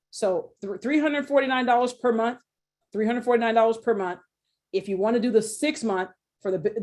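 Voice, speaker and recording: A woman's voice: medium pitch, darkish tone. A middle-aged woman presenting a sales webinar in a chatty, informal way, acting out quoted voices and laughing often. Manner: informal, colloquial phrasing. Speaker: webinar presenter selling an NFT course. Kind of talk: casual sales webinar talk.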